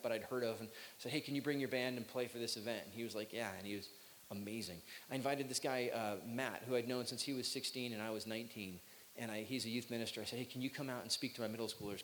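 A middle-aged man gives a loose, chatty talk in a big room with a long reverb tail behind his words. He jokes at his own expense, slips into short acted-out quotes, and a faint hiss sits under the recording. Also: medium pitch. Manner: chatty, self-joking, acts out quotes. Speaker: youth speaker. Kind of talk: talk to young people.

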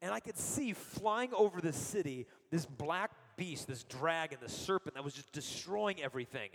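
A man's voice: a little high, moderate pace, long reverb tail. A middle-aged man giving a sermon full of personal stories, acting out the quotes he tells. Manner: animated storyteller, acts out quotes. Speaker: speaker giving a Catholic talk.

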